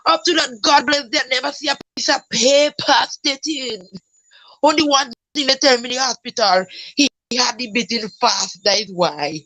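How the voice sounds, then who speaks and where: Grieving mother, higher voice. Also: normal speed, a bit bright, no echo, low-quality recording. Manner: repetitive, pleading, breaks into tears and raised voice. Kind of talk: emotional personal testimony.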